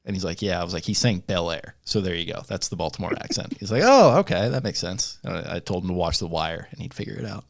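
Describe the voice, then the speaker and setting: Young male co-host, low-pitched, dry close mic, easygoing rambler. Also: fast, vocal fry, few pauses, no echo. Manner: rambling, filler-heavy, easygoing. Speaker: podcast co-host. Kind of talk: casual sports chat.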